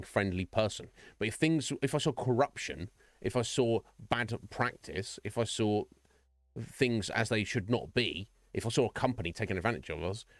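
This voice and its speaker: Man, streamer, ranting chat, swears, lively pitch, dry close sound. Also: no room sound. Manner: animated, ranting, swears, laughs a lot, acts out little voices. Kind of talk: casual live-stream chat.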